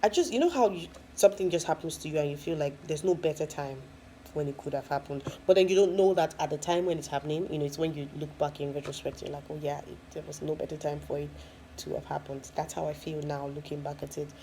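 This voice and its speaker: A woman's voice: low-pitched, quick pace, mellow, slight background noise, poor audio. A woman, a first-time mom, casually telling her own story with lots of fillers and frequent laughs. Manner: chatty, many fillers, laughs often.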